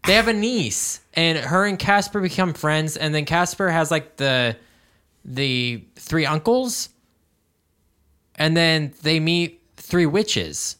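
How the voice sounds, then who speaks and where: A podcast co-host in casual chat, animated and quick to laugh. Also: medium pitch, clean tone. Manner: giggly, animated, often laughing.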